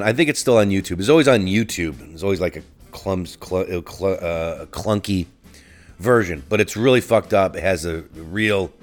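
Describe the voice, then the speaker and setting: A low-voiced man ranting profanely. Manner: profane, ranting, frequent restarts. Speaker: podcast host. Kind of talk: solo podcast rant.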